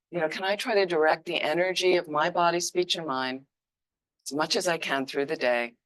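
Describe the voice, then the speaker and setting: A woman giving an informal, conversational dharma teaching with emphatic, lively asides. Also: sits low. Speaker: Buddhist teacher.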